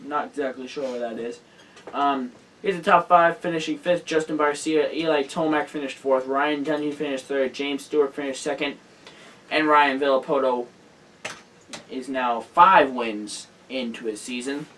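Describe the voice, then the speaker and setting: A tired man hosting a casual racing news roundup, hurried and rambling, correcting himself as he goes. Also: mid-range voice, fairly even intonation, fairly bright tone, far from the mic, a little hiss or hum, poor audio. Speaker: host.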